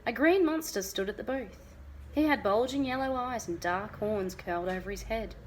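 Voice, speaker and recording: A woman teacher reading a novel aloud to her class in an expressive storytelling voice. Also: medium pitch, moderate pace, slight background noise.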